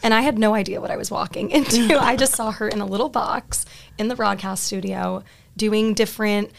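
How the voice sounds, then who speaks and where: A woman hosts a podcast and asks her guests friendly, conversational questions. Her mid-pitched voice carries a gravelly fry. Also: steady tone, brisk, slight background noise. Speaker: podcast host. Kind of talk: interview questions.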